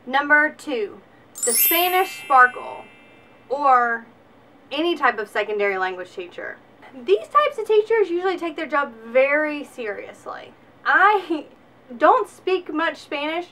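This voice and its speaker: A young woman in her twenties from Alabama with a Southern US accent, giving a sarcastic, animated comedic vlog monologue. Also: sits high. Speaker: vlogger.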